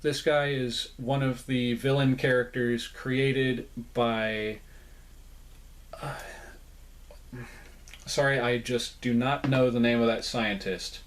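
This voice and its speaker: Young adult man, mid-pitched, laid-back and rambling with lots of fillers; casual toy-collection host. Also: takes it slowly, long pauses. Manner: relaxed and rambling, with frequent "like" and self-deprecating asides. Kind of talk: casual toy showcase narration.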